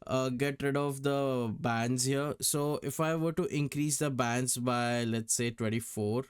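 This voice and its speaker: A man's voice: mid-range voice, steady tone, measured pace, clear, resonant tone, no echo, clean studio sound. A man walking through how he built a music track, casual and chatty, repeating words for emphasis. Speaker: music producer. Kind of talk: tutorial breakdown.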